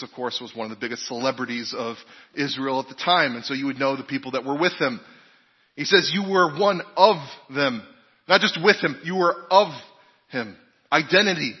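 A pastor with a husky, medium-pitched voice preaches conversationally, putting questions to the congregation and sharing personal stories. The recording sounds dull, with long hall reverb.

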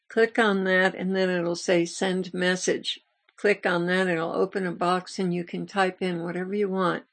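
A woman hosting a ministry channel, telling a story in an earnest, confessional way as part of a devotional message. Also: fairly low pitch. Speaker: ministry host.

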